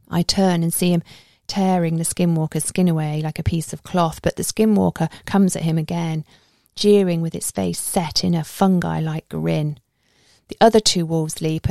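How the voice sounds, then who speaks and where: Low, gravelly-voiced woman narrating a story. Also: no room sound, studio quality. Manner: steady, measured storytelling. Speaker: audiobook narrator. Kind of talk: first-person story narration.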